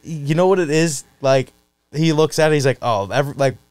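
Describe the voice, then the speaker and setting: A man's voice: a little high, fairly quick, darkish tone, smooth, no echo. A man hosting a podcast, laid-back and casual, calling people "bro" and rambling through fillers. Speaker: podcast host. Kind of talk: casual chat.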